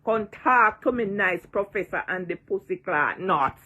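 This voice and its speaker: A woman's voice: mid-range voice, expressive, measured pace, sharp tone, dull audio. A woman in her sixties with a Jamaican accent, ranting and taunting in a vlog, repeating her jeers and cursing freely. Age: 60s. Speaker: online personality.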